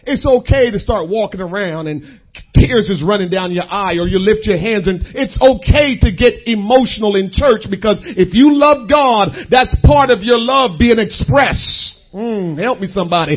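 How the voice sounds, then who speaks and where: Husky guy preaching, pretty high voice, lots of repeating and calling out to the church. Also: lively intonation. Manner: call-and-response preaching with drawn-out phrases; emphatic, repeats key lines. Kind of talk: sermon.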